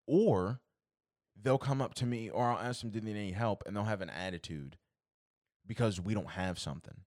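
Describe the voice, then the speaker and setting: A young man with a deep, low voice rants through a casual podcast chat, exasperated and swearing freely. The sound is dry and close, with no room around it. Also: normal speed, darkish tone, dry recording. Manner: profane, exasperated ranting. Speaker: podcast co-host.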